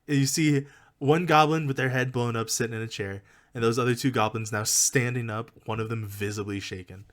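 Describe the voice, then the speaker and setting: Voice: medium pitch, steady tone, a little fast. A game master running a tabletop game, narrating loosely with many fillers.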